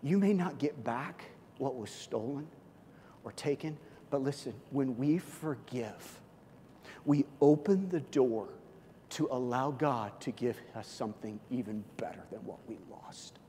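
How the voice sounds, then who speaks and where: A man's voice: mid-range voice, measured pace. A middle-aged man preaching a sermon, telling stories and joking with the congregation. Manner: storytelling, animated, jokes with the congregation. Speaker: pastor. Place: church hall. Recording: long hall reverb, faint room noise.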